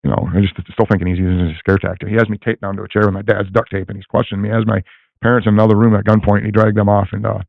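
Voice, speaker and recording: A man's voice: fairly low pitch, flat delivery, rapid-fire, creaky, no room sound. An older man rambling through a long personal story, full of fillers and restarts, over a tinny line. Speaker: guest telling a personal story. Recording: tinny phone-like line, dry.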